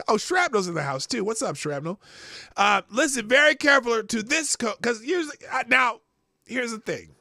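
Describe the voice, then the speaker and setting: A man's voice: extremely high pitch, lively intonation, normal speed, gravelly, sharp tone, no room sound, studio quality. A man hosting a livestream, reacting casually to clips and chat with frequent laughs. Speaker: livestream host.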